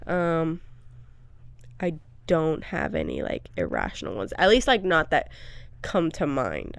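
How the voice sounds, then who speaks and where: A woman's voice: low-pitched, vocal fry, smooth, dry recording. A young woman co-hosting a podcast, telling frank, candid stories in casual chat with lots of filler words. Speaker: podcast co-host.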